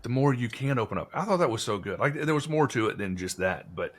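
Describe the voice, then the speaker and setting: Man, casual podcast talker, husky voice, meandering storyteller. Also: medium pitch, expressive, fast. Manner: rambling storyteller, many fillers. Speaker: podcast conversation partner. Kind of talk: casual conversation.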